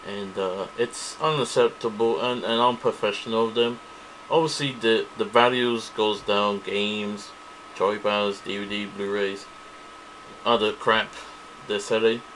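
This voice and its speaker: A man's voice: on the low side, steady tone, unhurried, a bit bright, slight background noise, poor audio. A man ranting angrily to camera, profane and repetitive, circling back to the same complaints. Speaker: vlogger. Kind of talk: angry ranting monologue to camera.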